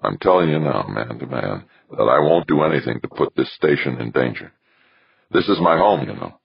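A sly, blunt smuggler, put on by a male narrator. The voice is extremely deep and husky, with a gravelly edge. The recording is dry and dull. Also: sing-song, normal speed, dry recording, heavily acted. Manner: blunt, slangy, knowing.

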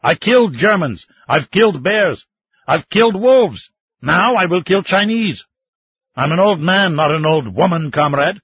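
A man voicing a stubborn old Russian hunter and war veteran who refuses to leave his land, speaking gruffly in a raised voice. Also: fairly high pitch, animated, moderate pace, no room sound. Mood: defiant. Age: older. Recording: dull, slightly muffled audiobook sound.

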